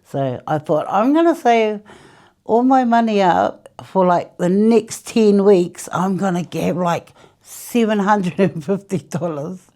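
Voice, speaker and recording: Slow, mellow and expressive, her medium-pitched voice carries a chatty account of quitting smoking. The New Zealand woman, interviewed as a former smoker, laughs frequently and dramatizes what others said.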